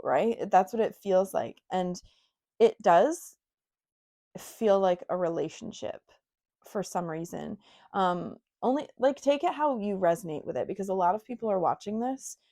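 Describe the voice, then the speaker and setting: A young woman with a slightly low voice talks through a tarot card spread for her viewers. She sounds casual and frank, filling her speech with "um" and "you know" and throwing in blunt personal asides. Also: a little mellow. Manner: chatty and frank, with many fillers and asides. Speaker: tarot reader. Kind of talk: casual intuitive tarot reading.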